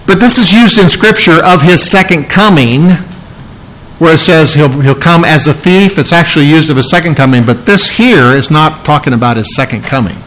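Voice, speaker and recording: A man's voice: a little high, animated, normal speed, a bit bright, slight background noise, poor audio. A man preaching an expository sermon, explaining scripture verse by verse in an emphatic way. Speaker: pastor.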